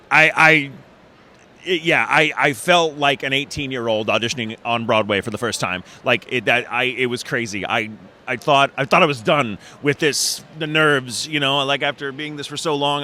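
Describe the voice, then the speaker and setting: A middle-aged man from Texas, a voice actor talking in a convention interview, animated and quick to restart his sentences and laugh. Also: mid-range voice. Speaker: voice actor guest.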